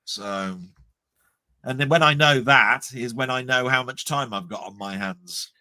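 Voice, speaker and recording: A man's voice: mid-range voice, a little slow, pushed and bright. A man hosting a casual livestream, reading viewer comments aloud in a chatty, self-deprecating way. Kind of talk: casual live chat.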